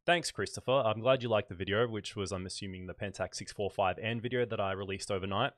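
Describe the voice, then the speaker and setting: Hosting a livestream, a photography YouTuber with a light Australian accent chats casually with viewers, thinking aloud and using easy fillers. His fairly low voice sounds close and dry, at a moderate pace, with no room sound.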